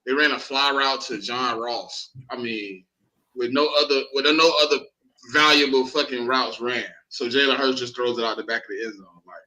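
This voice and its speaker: A man in casual sports talk, animated and profane, repeating himself when heated. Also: mid-range voice, normal speed, low-quality recording. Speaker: co-host.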